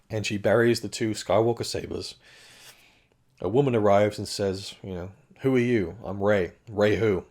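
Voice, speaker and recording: A man's voice: fairly low pitch, darkish tone. A man reviewing a film in casual talk. His voice is strained and cracking, and he rambles with frequent restarts and self-corrections.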